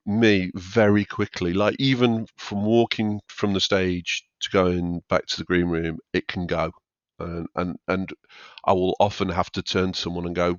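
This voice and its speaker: A man's voice: low voice, moderate pace, fairly bright tone, no echo. A man who works as a stand-up comedian, talking candidly and self-deprecatingly as a podcast guest. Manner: candid, self-deprecating, acts out quoted chatter. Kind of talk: conversational podcast interview. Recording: dull dry lo-fi sound.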